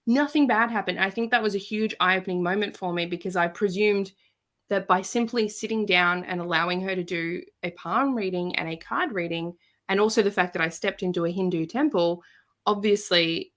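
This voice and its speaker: A woman guest on a podcast, telling a personal story in a casual, animated way and acting out the quoted voices. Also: lowish voice, normal speed.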